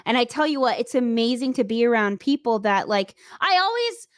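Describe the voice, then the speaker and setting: A woman's voice: a little high, very animated, fairly quick, no room sound, clean studio sound. A woman from the United States, a radio host, chatting in an interview in a bubbly, playful way and laughing easily. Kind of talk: casual interview chat.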